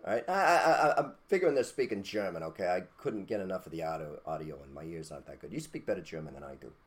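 A man hosting a podcast, his voice sitting very low and deep. He rants bluntly and preachily in a casual way. He swears mildly and checks in with "okay?" often. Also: expressive, fast. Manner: blunt, preachy, mild cursing, repeated "okay?". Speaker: podcast host. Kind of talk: casual opinion rant.

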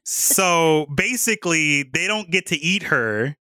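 A man casually recapping a book plot in a rambling way, slipping into quick voices for the characters. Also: fairly high pitch, animated, pushed and bright, dry recording. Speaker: podcast co-host recapping a book. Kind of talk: casual chat.

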